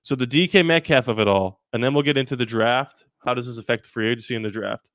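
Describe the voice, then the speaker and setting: A man hosting a live sports talk stream, animated and rambling with quick asides. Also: medium pitch, dry recording, studio quality. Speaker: sports channel host.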